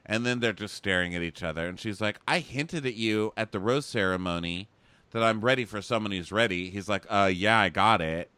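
A man's voice: fairly low pitch, fairly quick, pushed and bright, clean tone, dry recording. A man co-hosting a podcast, casually recapping a reality show in a gossipy, sardonic way and acting out quotes. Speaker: podcast co-host.

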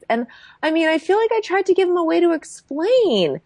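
A woman's voice: extremely high pitch, fairly quick, no room sound. A woman casually chatting as a podcast co-host, recapping a reality show and acting out quotes with lots of fillers. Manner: expressive, acts out quotes, frequent fillers.

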